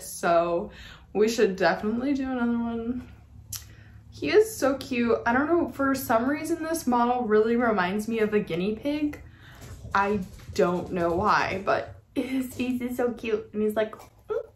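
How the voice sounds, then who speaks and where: Bubbly woman vlogger in an echoey room. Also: on the high side. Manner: bubbly, gushing, lots of "like". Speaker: vlogger unboxing model horses. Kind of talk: casual chatty unboxing vlog. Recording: echoey room with faint background noise.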